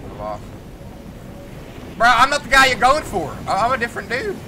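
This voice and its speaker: Very high-voiced man ranting over gameplay. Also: animated, fast, a little hiss or hum. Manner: profane, frustrated ranting; loud outbursts and yelling. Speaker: gaming video creator. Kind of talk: gaming commentary.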